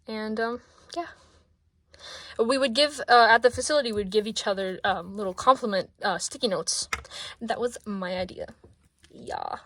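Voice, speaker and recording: A woman in her twenties, out of breath, chatting casually at her desk in a rambling, excitable way that often drops to soft mumbles. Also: on the high side, dry recording. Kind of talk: casual sketchbook tour vlog.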